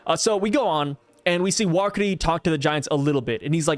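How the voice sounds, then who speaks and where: A young man hosting a casual video review, chatty and excitable, often stumbling over restarts as he talks. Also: fairly high pitch, quick pace, hardly any pauses. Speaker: YouTube host reviewing a manga chapter.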